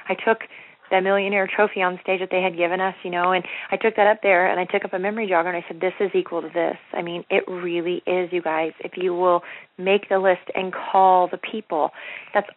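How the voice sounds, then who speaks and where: A woman's voice: lowish voice, fairly quick. Upbeat woman on a tinny phone line. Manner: upbeat, energetic, repeats herself, acts out sample phone scripts. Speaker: network marketing leader on a training call. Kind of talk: motivational conference-call talk.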